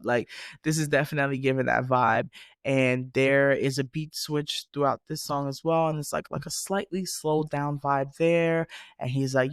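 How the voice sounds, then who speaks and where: A man hosting a podcast, giving a casual, animated and profane review of new music. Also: mid-range voice, normal speed, gravelly, dry recording, studio quality. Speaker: podcast host.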